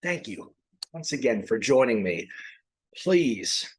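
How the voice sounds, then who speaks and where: Male podcast host, mid-pitched, loose rambling delivery with restarts, a bit winded. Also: very animated, takes it slowly, husky, rough recording. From Maine. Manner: rambling, self-correcting. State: a little out of breath. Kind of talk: casual faith talk.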